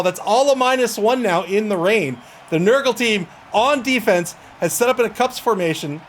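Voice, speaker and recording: High-voiced man commentating a game stream. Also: slight background noise. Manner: chatty, laughs often, exasperated at connection trouble. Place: home streaming setup.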